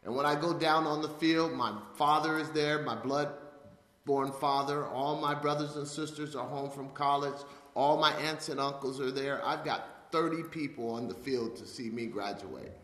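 A man's voice: fairly high pitch, fairly even intonation, moderate pace, fairly bright tone. A man in his fifties telling his life story to an audience, acting out the voices of the people in it. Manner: storytelling, acts out quoted voices. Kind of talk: personal testimony talk. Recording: echoey hall with long reverb.

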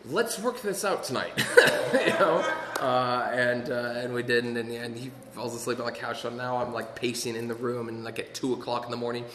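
A man's voice: medium pitch, level tone, moderate pace, music in the background. A man giving a personal testimony at a recovery meeting, storytelling in a rambling way with many fillers and wry humor. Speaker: speaker sharing his story at a recovery meeting. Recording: echoey hall with long reverb and faint ambience.

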